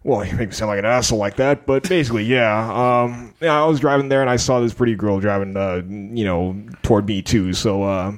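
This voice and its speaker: A man's voice: fairly low pitch, a little fast, few pauses, lightly acted. A man playing a defensive middle-aged bunker owner in an improvised comedy sketch, rambling with filler words.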